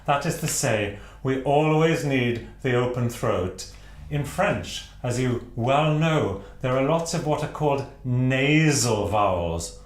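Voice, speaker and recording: A man's voice: medium pitch, expressive, slow, echoey room. A man from Wales teaching operatic singing technique, speaking with precise enunciation and demonstrating vowel sounds aloud. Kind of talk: instructional talk to camera.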